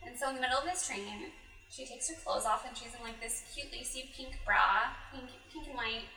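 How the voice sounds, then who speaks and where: A woman co-hosting a casual chat, giggly and animated as she recaps a story and acts out its lines. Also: on the high side, fairly quick, roomy sound, distant mic, soft background music, low-quality recording. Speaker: podcast co-host recapping an adult anime.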